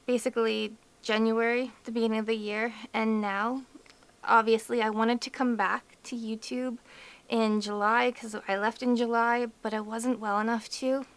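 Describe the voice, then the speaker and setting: A woman's voice: fairly high pitch, level tone, moderate pace, clean tone. A woman vlogger giving a candid, emotional personal update, chatty and full of "like" and "you know". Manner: emotional, fighting back tears.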